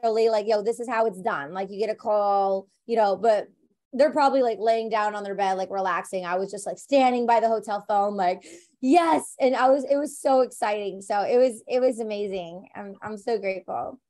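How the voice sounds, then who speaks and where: A woman actor in an interview, chatting casually and telling lively stories full of "like" and "you know". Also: mid-range voice, a little fast. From United States. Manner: animated storyteller, many fillers like "like" and "you know".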